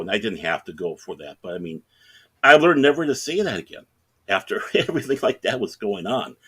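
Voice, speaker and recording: A middle-aged man co-hosting a podcast, telling rambling, animated anecdotes in casual chat. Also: fairly low pitch, brisk, breathy edge. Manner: rambling, animated anecdotes with self-quotes and laughs. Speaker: podcast co-host.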